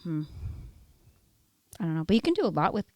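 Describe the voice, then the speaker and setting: A woman's voice: lowish voice, big pitch swings, a little fast, no echo. A young woman co-hosting a podcast in a studio, chatting casually and rambling with lots of "like" fillers. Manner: rambling, filler-heavy talk with many "like"s. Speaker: podcast co-host. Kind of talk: casual chat.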